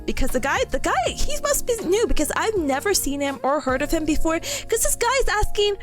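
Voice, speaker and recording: Lively high-voiced young woman. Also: a little fast, soft background music. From New York. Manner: animated, rambling, giggly. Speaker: streamer telling a story. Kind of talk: casual storytelling on a study stream.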